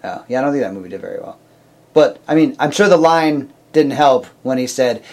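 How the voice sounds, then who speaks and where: A man's voice: medium pitch, expressive, a little fast, a little mellow. A man co-hosting a podcast, chatting casually and trading playful jokes. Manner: joking, playful banter. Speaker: podcast co-host. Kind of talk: casual chat.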